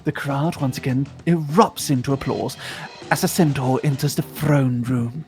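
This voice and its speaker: A woman streaming a game, narrating an interactive story in a lively, quick casual way. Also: rumbling low, faint music behind. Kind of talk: casual narration of a choose-your-own-adventure.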